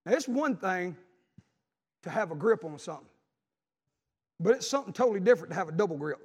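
Man, 40s, high-pitched pastor preaching with call-and-response, long hall reverb. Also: lively intonation, quick pace, husky. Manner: preaching with call-and-response, swinging from loud to hushed. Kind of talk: sermon.

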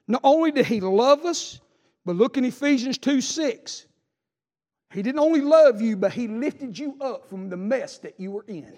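A preacher with a strikingly high voice delivers an impassioned sermon, his pitch leaping up and down as he builds to fervent calls. His words ring out in the long reverb of a church hall. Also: animated, normal speed, darkish tone. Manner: impassioned, rising to fervent exclamations. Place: church sanctuary.

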